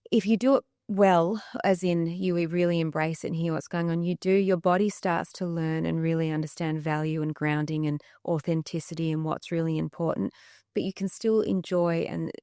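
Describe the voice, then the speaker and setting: An Australian woman talking as a podcast guest in a lively, casual way, often acting out other people's voices. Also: deep voice, normal speed, dry recording, clean studio sound. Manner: animated, acts out quoted voices. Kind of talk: casual chat.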